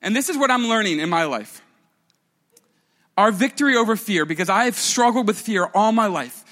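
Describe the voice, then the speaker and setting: A man preaching a sermon to a church congregation in an animated, conversational way, with playful asides. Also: high-pitched, normal speed, big-room sound. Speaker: pastor.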